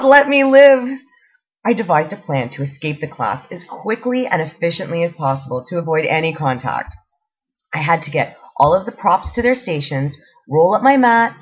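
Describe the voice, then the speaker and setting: A woman reading her own blog post aloud with a wry, self-mocking humor. Her husky voice rises and falls in a lively way. The recording sounds dull and lo-fi. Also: fairly low pitch.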